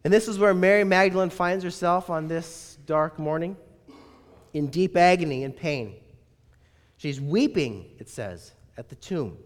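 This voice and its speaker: A man's voice: fairly high pitch, lively intonation, unhurried. A male pastor preaching a sermon in a conversational, wry manner, often asking rhetorical questions. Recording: reverberant hall.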